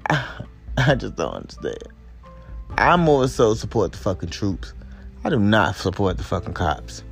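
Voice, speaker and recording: A man's voice: on the low side, very animated, a little slow, creaky, soft background music. A young man hosting a podcast, ranting in an angry, exasperated and profane way. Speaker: podcast host. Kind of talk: angry commentary rant.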